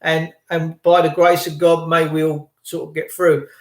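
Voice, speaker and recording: A man's voice: fairly high pitch, level tone, moderate pace, reverberant. A middle-aged man with a South London accent, ranting earnestly and preachily in a casual monologue to his viewers, often repeating himself. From England. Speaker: online talk host.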